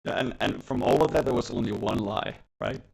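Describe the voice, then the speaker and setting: A man's voice: on the low side, huge pitch swings, a little fast, gravelly, a little mellow, poor audio. A man co-hosting a casual podcast over a call, telling stories with hesitant restarts and laughs. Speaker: podcast co-host. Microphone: remote call.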